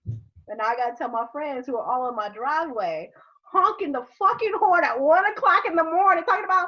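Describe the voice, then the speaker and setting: A woman and mother telling a story from her youth in a casual podcast chat, animated, laughing often and swearing freely. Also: very high voice, moderate pace, highs cut off.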